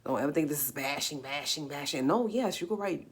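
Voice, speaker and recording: Husky low-voiced New York woman. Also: expressive, a little fast. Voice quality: slightly raspy. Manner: emphatic, fires rhetorical questions. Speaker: livestream host. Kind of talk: casual live commentary.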